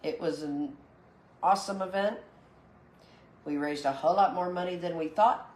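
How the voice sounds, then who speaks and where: A woman's voice: fairly low pitch, moderate pace, a little mellow, echoey room, poor audio. A woman organizer in casual chat, dry and teasing. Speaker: convention organizer.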